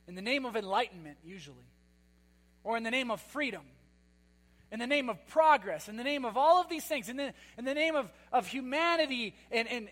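A man's voice: extremely high pitch, fairly bright tone. A man preaching a sermon as pastor, emphatic and repetitive, with sarcastic asides. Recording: long hall reverb with mains hum.

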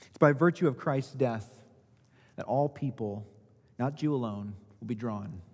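A man preaching a sermon as pastor, asking rhetorical questions and swinging between loud emphasis and quiet, low asides. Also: unhurried, slightly rough. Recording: long hall reverb.

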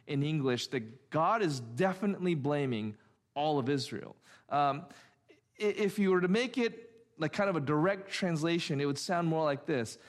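Man, middle-aged, pastor, sermon, emphatic, rhythmic, a touch high-pitched. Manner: emphatic, rhythmic preaching with repetition.

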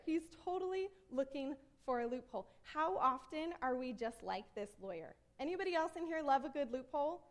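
A high-pitched woman tells a personal story from the pulpit. She is animated and self-mocking, switching between her own narration and playful voices for the people in the story. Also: a little fast, hardly any pauses. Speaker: preacher. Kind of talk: storytelling sermon.

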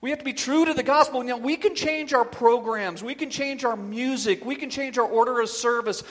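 Male pastor, emphatic sermon delivery with loud bursts, high voice, echoing church hall. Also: brisk. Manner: emphatic preaching, rising to loud bursts on key phrases. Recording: long reverb of a large hall.

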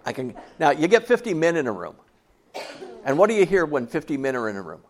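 A man's voice: on the high side, very animated, quick pace, a little hiss or hum. A man in his sixties preaching a sermon to a church congregation in a folksy, conversational way, often asking them questions. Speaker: pastor.

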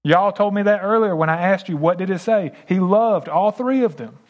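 A male pastor delivering a sermon in a fairly high voice. He talks to his congregation in a relaxed, conversational way between passages of scripture he reads aloud. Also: moderate pace, dull audio. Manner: conversational, addressing the congregation directly.

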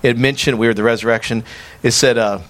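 A pastor preaching a sermon in a conversational way, often repeating words and telling personal stories. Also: male voice, medium pitch, fairly even intonation, fast talker, fairly bright tone.

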